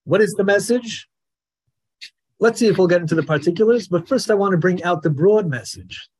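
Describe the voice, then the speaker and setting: A man teaching a Torah class in a lively lecturing manner, acting out the voices of the people he describes. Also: sits high, brisk, breathy edge. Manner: animated, acts out the questioner's voice.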